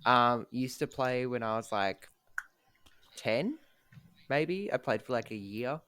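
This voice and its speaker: A man's voice: medium pitch, lively intonation, slow pace, pushed and bright, smooth, no echo. A young man co-hosting a podcast, talking in a laid-back, self-deprecating way full of ums. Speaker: podcast co-host. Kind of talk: casual chat.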